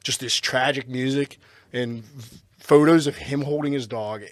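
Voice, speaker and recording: A man from North Carolina co-hosting a podcast, telling wrestling stories with quick jokes. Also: mid-range voice, steady tone, dry recording. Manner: joking storyteller, quick quips. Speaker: podcast co-host. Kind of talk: casual wrestling podcast chat.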